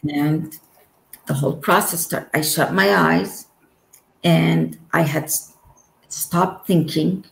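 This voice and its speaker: A woman's voice: low voice, fairly even intonation, creaky. A woman telling of her near-death experience as a guest, in an earnest way and acting out the words spoken to her. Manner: earnest, slow storytelling that acts out remembered dialogue. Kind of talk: personal testimony. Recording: echoey room.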